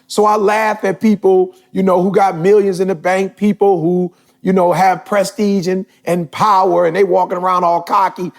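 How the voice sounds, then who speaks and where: A man in his forties hosting a podcast, talking casually and emphatically, his voice building toward shouts. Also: sits high, normal speed, vocal fry. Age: 40s. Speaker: podcast host.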